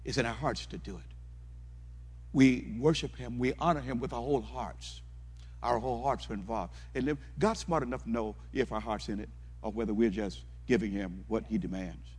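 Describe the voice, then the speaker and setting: A man's voice: medium pitch, moderate pace, breathy edge. A man preaching a fervent sermon, repeating himself and asking the congregation questions, then moving into prayer. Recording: long hall reverb.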